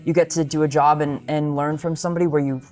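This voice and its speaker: A man in his twenties, a singer-songwriter guest, answering interview questions in an easygoing, grateful way with quick restarts. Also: fairly high pitch, little pitch movement, darkish tone, faint music behind. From Canada. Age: 20s.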